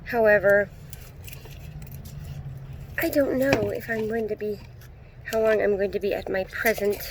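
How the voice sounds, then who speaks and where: Recorded outdoors on a handheld phone, a woman in her thirties who vlogs about gardening leads a laid-back tour of her backyard. Her mid-range voice is sprinkled with frequent ums, and there's slight background noise.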